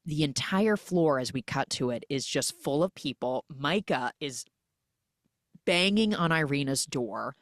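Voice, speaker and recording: A woman podcast host casually recapping a film, retelling it in an animated way with lots of "like" fillers. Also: sits low, a little slow, no room sound, clean studio sound.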